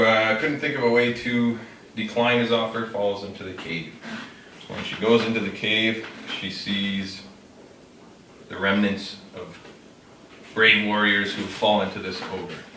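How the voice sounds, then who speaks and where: This storyteller demonstrates a classroom trick by telling a fable in a loose, casual way, stumbling over fillers and correcting himself. His voice sits on the low side and has a sharp tone. It's recorded roomily from a distant mic, with faint noise.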